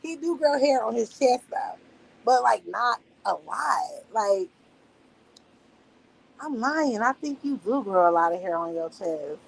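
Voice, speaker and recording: A woman in her thirties streaming, telling casual stories in a profane, laughing, animated way. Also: fairly high pitch, unhurried, gravelly, slightly rough, poor audio. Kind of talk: casual storytelling monologue. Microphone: streaming mic.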